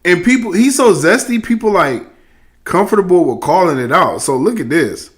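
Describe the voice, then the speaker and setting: A man's voice: high voice, expressive, normal speed. A man casually reacting to online clips in a slangy, amused, laid-back way.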